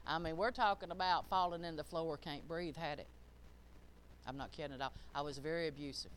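An older woman preaching a sermon, emphatic and folksy, swinging between loud and hushed. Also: sits low, fairly quick, slight background noise.

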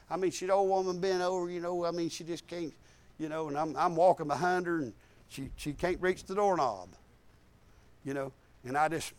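A middle-aged man, preaching a sermon through folksy stories. He swings from loud exclamations to hushed, quiet lines. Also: high voice, moderate pace.

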